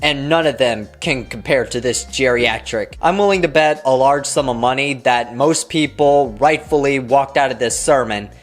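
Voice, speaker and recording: A man's voice: mid-range voice, normal speed, few pauses, soft background music. A man giving sarcastic video commentary, mocking and blunt and swearing freely. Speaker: commentary YouTuber.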